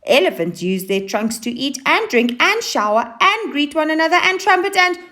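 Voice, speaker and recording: A woman voicing a kind, patient female elephant in a storybook reading, explaining things quickly. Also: high voice, big pitch swings, bright, forceful tone, voice pushed up, full character voice.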